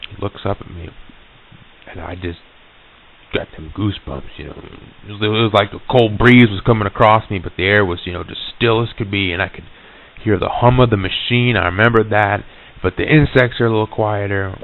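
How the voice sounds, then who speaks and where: A man telling a story into a tape recorder, halting with many stammered restarts, on an old reel-to-reel tape. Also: lowish voice, narrow, tinny audio.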